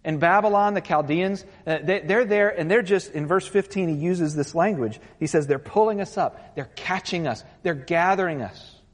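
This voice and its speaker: The preacher's voice is high-pitched and moves at normal speed with hardly any pauses. He opens with a prayer, then his sermon builds from earnest to intensely urgent, echoing with long hall reverb.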